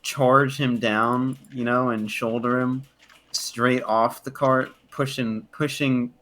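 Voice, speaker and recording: A man's voice: medium pitch, steady tone, takes it slowly, fairly bright tone. A man playing a tabletop game, thinking aloud in a loose, hesitant way. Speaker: player. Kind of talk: casual tabletop game chat.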